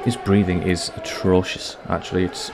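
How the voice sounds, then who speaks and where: A man's voice: low voice, little pitch movement, normal speed, very noisy. A man giving dry, wry running commentary on a horror game he is playing. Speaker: gaming channel host.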